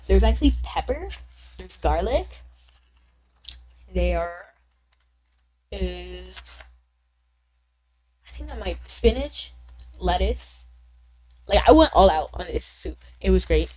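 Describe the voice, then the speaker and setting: A woman streaming a game, chatting casually with viewers in a bubbly way, with sudden high exclamations. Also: a little mellow, rough recording. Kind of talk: casual gaming stream chat.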